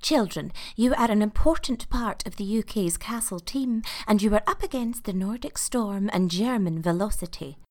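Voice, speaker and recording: A woman voicing a bossy nanny, speaking briskly to children. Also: mid-range voice, darkish tone, close to an everyday voice.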